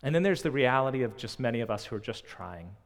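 A man preaching a sermon, earnest and full of rhetorical questions, swinging between loud emphasis and quiet. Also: medium pitch, lively intonation, fast talker. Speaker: pastor. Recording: long reverb of a large hall.

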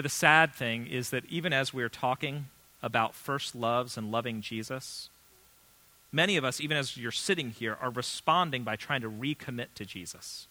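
A man in his thirties, a pastor, preaching a sermon in an earnest, conversational way with emphatic pauses. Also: medium pitch, bright, forceful tone.

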